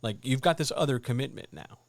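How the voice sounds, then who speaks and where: A man hosting a live writers' Q&A stream, giving blunt, animated advice in a casual, jokey way. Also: mid-range voice, quick pace, creaky, dry recording.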